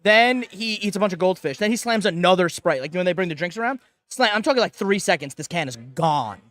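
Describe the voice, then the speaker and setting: A man with a fairly high voice recounts a comic anecdote on a live show. He talks in an animated, playful way and slips in quoted asides. The sound is dry and close. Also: brisk, no room sound. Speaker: panel guest. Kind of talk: casual storytelling on a live panel show.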